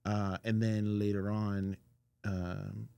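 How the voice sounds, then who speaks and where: Male interview guest, low-pitched with gravelly fry, loose storyteller with lots of fillers. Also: takes it slowly, no room sound. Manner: relaxed, filler-heavy anecdotes. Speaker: audio engineer guest.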